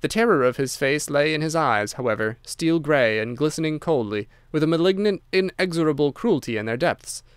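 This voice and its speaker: A man narrating a classic detective story in a measured, storytelling style. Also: a little high, expressive, smooth, no room sound, clean studio sound. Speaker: audiobook narrator. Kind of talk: scripted audiobook narration.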